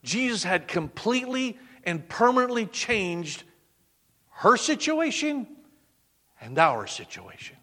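A male preacher delivers a dramatic sermon, his voice sitting high. He sinks to a hush for quoted words. A long reverb from a large hall trails every phrase. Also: very animated, slow pace.

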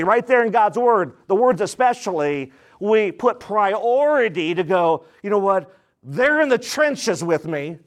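Man preaching with wide swings of pitch. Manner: swings between a low intoning voice and high excited quoted voices; calls out to the congregation for answers. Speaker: pastor. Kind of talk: sermon.

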